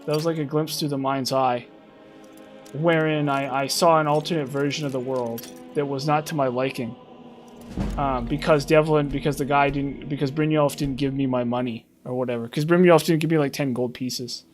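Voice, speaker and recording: A man's voice: medium pitch, steady tone, moderate pace, soft background music. A man streaming a game, rambling in casual commentary with many restarts.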